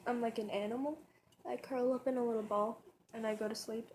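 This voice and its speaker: A woman's voice: fairly high pitch, steady tone, a little fast, darkish tone, slight background noise. Rambling chatty young woman vlogger. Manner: rambling, chatty, many fillers and restarts. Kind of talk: casual tag video chat. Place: bedroom, on her bed.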